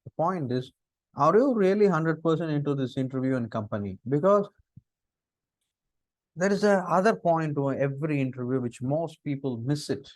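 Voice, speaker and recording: A middle-aged man with an Indian English accent, giving a lecture on interview skills, lively and full of rhetorical questions. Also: fairly high pitch, normal speed, no echo. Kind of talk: lecture on interview body language.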